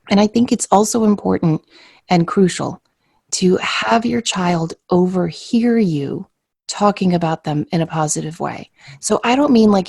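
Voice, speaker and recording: A woman's voice: mid-range voice, gravelly, breathy edge, no room sound, studio quality. A middle-aged woman co-hosting a podcast, telling a story from her family life and acting out the voices of others. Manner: storytelling, animated when quoting others. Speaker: podcast co-host. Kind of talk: conversational podcast chat.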